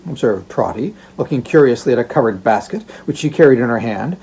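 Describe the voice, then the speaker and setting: A man's voice: mid-range voice, expressive, brisk, creaky, a little mellow, breathy edge. A man narrating a classic story aloud for an audiobook, in a theatrical storytelling manner. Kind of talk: expressive narration of a classic novella.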